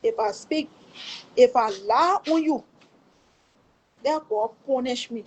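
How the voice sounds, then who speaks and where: A woman's voice: sits high, slow, husky. A middle-aged woman with a Liberian English accent, telling a painful family story in an emphatic, pleading way and swearing before God that it is true. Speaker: livestream storyteller. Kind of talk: emotional personal testimony.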